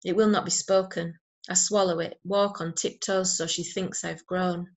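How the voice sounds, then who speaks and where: A woman recites her poems in a steady, measured way over a video call. Her voice sits slightly low and barely rises or falls, and between poems she talks hesitantly with plenty of fillers. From Yorkshire, England. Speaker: poet. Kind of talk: poetry reading.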